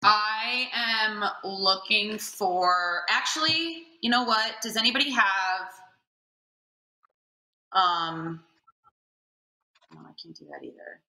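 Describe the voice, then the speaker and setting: A woman's voice: mid-range voice, lively intonation, takes it slowly, pauses often, bright, forceful tone, echoey room, poor audio. A young adult woman playing a board game, thinking aloud and hesitant. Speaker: player. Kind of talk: casual game chat.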